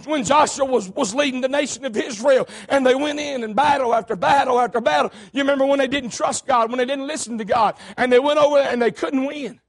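A preacher, giving a fervent sermon, often shouting, with a folksy storytelling manner. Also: male voice, very high voice.

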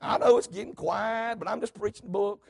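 Male preacher, very high raspy voice, fiery emphatic sermon. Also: fairly even intonation, a little fast. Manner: emphatic preaching, swings between hollering and low asides.

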